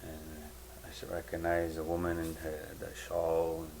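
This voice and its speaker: A man giving a personal spiritual testimony in a halting, rambling way, full of fillers and restarts. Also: very deep voice, monotone, darkish tone, slight background noise, poor audio.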